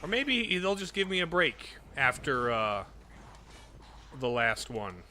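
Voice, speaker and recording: Bright, lively young male game streamer. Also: medium pitch, slow, a little hiss or hum. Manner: chatty, reacts aloud to hits and dodges. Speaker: gaming streamer. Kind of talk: casual gameplay commentary. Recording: game music playing behind. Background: faint game music.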